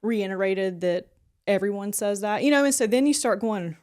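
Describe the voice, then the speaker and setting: A woman's voice: mid-range voice, normal speed, a little mellow. A woman co-hosting a podcast in casual chat, telling a long story and filling her talk with "like". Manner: rambling storyteller, heavy use of "like". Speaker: podcast co-host.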